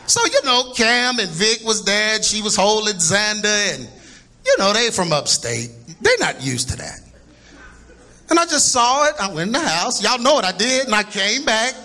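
High, bright-voiced preacher. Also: male voice, very animated, normal speed. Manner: joking, laughing, bursts into shouts. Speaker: pastor. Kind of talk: sermon. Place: church before a congregation.

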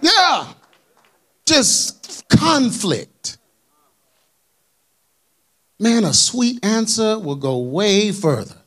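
A man preaching a sermon in a colloquial, animated way, asking the congregation for amens. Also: sits high, extremely slow, long pauses. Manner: colloquial, dropped verbs and y'all.

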